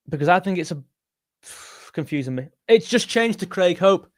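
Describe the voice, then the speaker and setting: A young man hosting a casual fan live stream, excitable and jumpy, talking straight to his chat. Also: high voice, normal speed, dry recording, studio quality. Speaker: football fan channel host.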